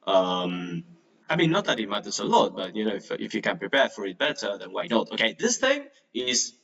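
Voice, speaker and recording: Guy teaching english, gravelly voice, kinda far from the mic. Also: lowish voice, very animated, brisk, fairly bright tone, dull audio. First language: Spanish. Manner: chatty, filler-heavy, laughs nervously. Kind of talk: casual online lesson. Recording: distant mic, degraded audio.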